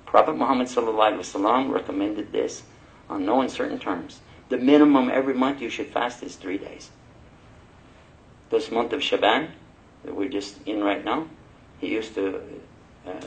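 A man preaching a sermon, telling personal stories in a lively way and laughing as he goes. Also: fairly low pitch, moderate pace, low-quality recording. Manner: animated, laughing storyteller. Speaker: Muslim preacher.

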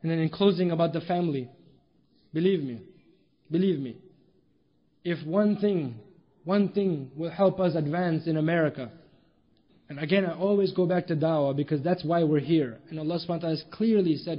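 High-voiced man preaching a sermon. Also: brisk. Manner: emphatic, rhetorical questions, storytelling. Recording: dull lo-fi recording.

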